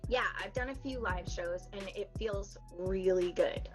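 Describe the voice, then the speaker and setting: A woman's voice: medium pitch, a little slow, darkish tone, soft background music. A woman comedian chatting casually on a podcast, telling stories, laughing often and acting out what people said. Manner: chatty storyteller, laughs often, acts out quotes. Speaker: comedian guest.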